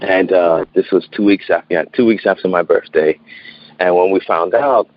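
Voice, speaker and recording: A man in his thirties, a guest in an interview, telling a personal story outdoors in an earnest, halting way, often repeating words and laughing. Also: deep voice, no room sound, muffled recording. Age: 30s.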